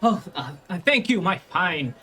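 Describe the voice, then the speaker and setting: A man's voice: sits high, sing-song, a little slow, sharp tone, slight background noise, full character voice. A man putting on a flustered, pompous Volo. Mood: fussy, flustered. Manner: flustered, stammering, theatrical. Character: pompous portly male scholar, nervous and fawning.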